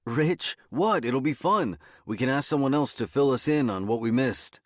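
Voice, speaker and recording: A man's voice: medium pitch, lively intonation, moderate pace, no room sound, clean studio sound, voice pushed up, lightly acted. A man voicing a wry, teasing young woman teacher in an audiobook. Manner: playful, teasing. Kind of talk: audiobook character voice.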